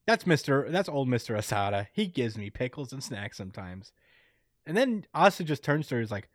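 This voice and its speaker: A man's voice: medium pitch, lively intonation, dry recording. Guy retelling a comic chapter, jumps into silly character voices, mid voice, dry close sound. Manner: acts out characters' lines in quick put-on voices, laughs often. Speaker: podcast co-host recapping a manga chapter. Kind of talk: casual chat.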